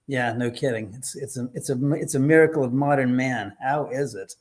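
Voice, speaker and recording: A man's voice: mid-range voice, normal speed. A man, a podcast guest telling a story and acting out the dialogue, speaking from home over a remote call. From Los Angeles, USA. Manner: animated, acts out quoted dialogue. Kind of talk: casual storytelling. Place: home in Los Angeles.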